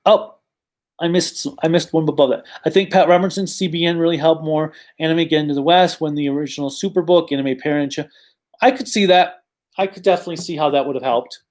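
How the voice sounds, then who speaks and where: A man's voice: fairly high pitch, quick pace, a little mellow. A man hosting a casual livestream Q&A, reading viewer questions and answering in a chatty, rambling way with frequent ums and self-corrections.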